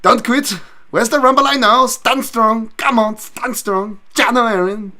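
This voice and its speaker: A man's voice: very high voice, fairly even intonation, measured pace, sharp tone, voice pushed up, exaggerated voice. A man putting on an overdone Danish or Dutch accent, cheering on a fighter in a chanting way. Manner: exaggerated, chanting. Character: hammy Northern European fight fan cheering.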